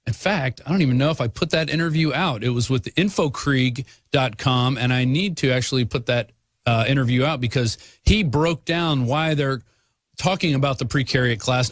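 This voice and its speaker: A man hosting a political talk radio show, arguing his points with quick asides and frequent fillers. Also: mid-range voice.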